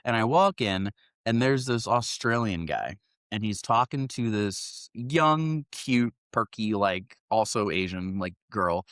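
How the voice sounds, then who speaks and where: A middle-aged man hosting a podcast, telling a story in a profane, animated, casual way. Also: on the low side, measured pace, no room sound. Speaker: podcast host. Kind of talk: casual chat.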